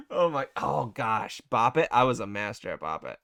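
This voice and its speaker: A man's voice: mid-range voice, very animated, moderate pace, gravelly, bright, forceful tone, dry recording. A young man co-hosting a podcast, teasing and blunt, laughing often in casual chat. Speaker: podcast co-host.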